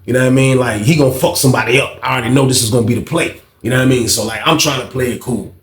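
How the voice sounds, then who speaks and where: A man telling a story in a casual, animated way, full of slang, dropping to a hush for the tense parts. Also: mid-range voice, rapid-fire. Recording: echoey room.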